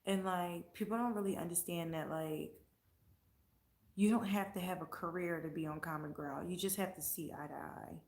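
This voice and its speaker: A woman's voice: lowish voice, fairly even intonation, normal speed, darkish tone, roomy sound. A woman vlogger chatting casually and answering comments, blunt and profane, getting heated as she talks.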